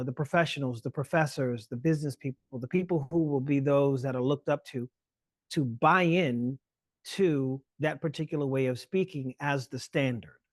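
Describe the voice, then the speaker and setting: Man, lecturer on a webinar call, brisk, filler-heavy delivery, slightly high voice, dry sound. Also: no echo. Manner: fast, fluent explaining with frequent fillers. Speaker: guest lecturer.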